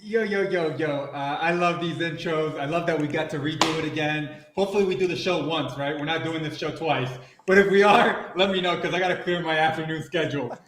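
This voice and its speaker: A man's voice: on the high side, brisk, hardly any pauses. A man on a panel chatting in a laid-back, teasing way. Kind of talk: casual chat. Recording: echoey room, faint noise.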